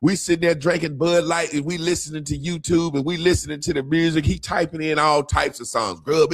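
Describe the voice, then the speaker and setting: Lively, higher-voiced man telling stories. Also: no echo, studio quality. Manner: animated, laughing, profane, quotes friends in lively voices. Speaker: podcast co-host. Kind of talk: casual storytelling.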